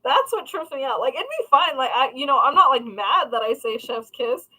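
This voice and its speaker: Bright, chatty woman rambling while crafting. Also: high-pitched, very animated, moderate pace, poor audio. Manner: rambling, swears freely, laughs at herself. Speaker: crafting livestream host. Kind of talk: casual chat while crafting.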